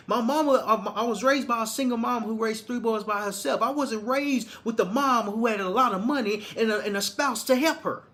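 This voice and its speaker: A man's voice: very high-pitched, fairly bright tone. A man from Arkansas, giving a motivational monologue in a preachy, repetitive way with many restarts. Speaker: motivational speaker.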